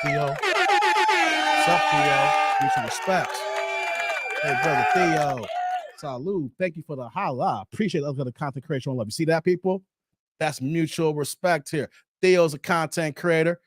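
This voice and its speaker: Lively, laughing man reading comments. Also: high voice, background noise. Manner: animated, laughing, slang-heavy banter. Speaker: host reading viewer comments. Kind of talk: casual commentary on a video.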